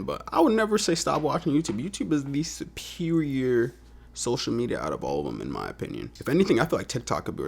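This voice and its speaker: Gravelly-voiced man reacting casually. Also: mid-range voice. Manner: chatty, offhand. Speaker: reaction video host.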